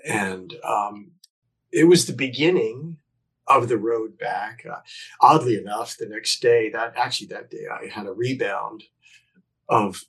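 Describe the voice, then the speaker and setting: A middle-aged man, a podcast guest, telling a personal story candidly and earnestly, often restarting his sentences and moving between emphatic bursts and hushed phrases. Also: lowish voice, a little slow, gravelly, breathy edge, low-quality recording. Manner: reflective, earnest, with frequent restarts and self-corrections.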